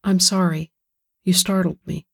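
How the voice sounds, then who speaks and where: A narrator voicing a tense wife who answers politely but anxiously in a storybook reading. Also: female voice, lowish voice, steady tone, measured pace, creaky, slightly rough, heavily acted. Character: tense, nervous wife eager to get away.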